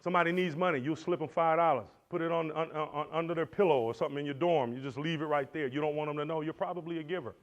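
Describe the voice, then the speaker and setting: A man teaching at a Christian men's conference, animated and preacherly, swinging between loud and soft. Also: a little high, fast talker, hardly any pauses. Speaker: conference speaker. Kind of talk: motivational church teaching. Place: lecture hall. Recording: dull lo-fi recording.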